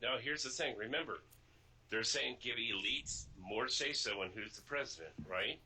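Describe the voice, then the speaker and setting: A man's voice: medium pitch, normal speed, bright, forceful tone, a little hiss or hum, low-quality recording. A man co-hosting a casual podcast, talking bluntly and joking, often repeating himself. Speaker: podcast co-host. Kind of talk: casual chat.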